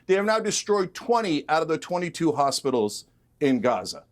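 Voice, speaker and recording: A man arguing hard in a heated televised debate, sarcastic and rapid-fire. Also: on the high side, very animated. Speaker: political commentator in a debate.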